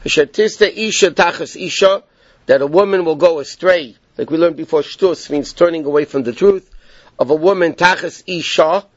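Pitched fairly high and speaking at a normal pace, a man teaches a Torah class, breaking down a text step by step while checking on his students. He's explanatory, going back over points and prompting with "okay?". The dry recording sounds dull and lo-fi.

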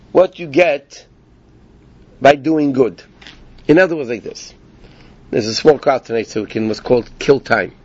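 A man's voice: fairly high pitch, slightly rough, lo-fi sound. A man teaching an informal Torah class to a small group in the evening. He explains by asking rhetorical questions and often checks in with his listeners.

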